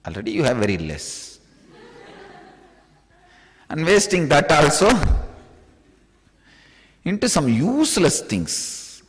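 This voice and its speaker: A man's voice: on the high side, wildly swooping pitch, slow pace, pauses often, big-room sound, slight background noise, rough recording. A man from India with an Indian accent giving a playful spiritual discourse as a teacher, laughing often.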